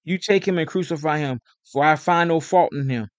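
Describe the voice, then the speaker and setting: A man's voice: on the high side, fairly quick, dry recording, lightly acted. A man voicing a stern, uneasy Roman governor who presses with firm questions.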